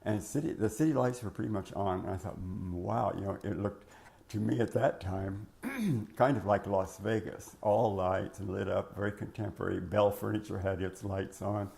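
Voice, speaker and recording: Older man with a low gravelly voice. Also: moderate pace, a little mellow. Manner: rambling, reminiscing, many fillers and restarts. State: voice cracking. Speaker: interviewee recalling his working life. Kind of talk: oral history interview.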